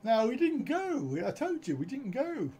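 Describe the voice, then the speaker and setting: A man's voice: very high voice, wildly swooping pitch, normal speed, mellow, slight background noise. Chuckling man hosting a live stream. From United Kingdom. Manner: jokey, chuckling banter. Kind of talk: casual live-stream chat.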